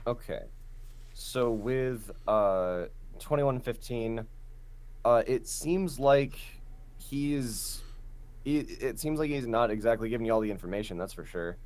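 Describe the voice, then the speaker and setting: A man's voice: medium pitch, a little slow, darkish tone, a little hiss or hum. A man narrating as game master, loose and full of fillers.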